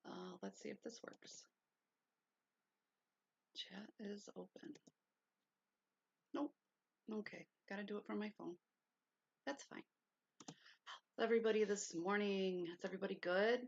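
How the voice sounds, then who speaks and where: A woman hosts her own livestream from indoors at home, keeping her voice low and soft as she rambles along unhurried. Her voice is gravelly and a little husky, sitting at an ordinary middle pitch. The stream audio sounds dull and lo-fi. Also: steady tone. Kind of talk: casual livestream chat.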